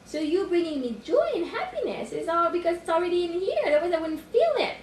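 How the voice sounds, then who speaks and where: A woman life coach on a livestream from home, thinking aloud with sudden excited outbursts and cooing at her puppy. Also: very high voice, fast talker, roomy sound, recorded from a distance, a little hiss or hum. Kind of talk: livestream self-reflection. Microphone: phone.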